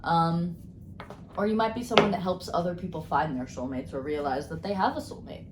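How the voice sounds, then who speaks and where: A woman giving a casual tarot card reading, bubbly and rambling as she talks excitedly. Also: on the low side, brisk, echoey room, very noisy. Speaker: tarot reader.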